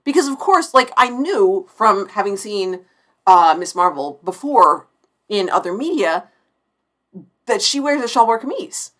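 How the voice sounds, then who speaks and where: A woman's voice: mid-range voice, big pitch swings, unhurried, fairly bright tone. A woman around forty hosting a live-stream TV review, effusive and chatty, often restarting her sentences mid-thought.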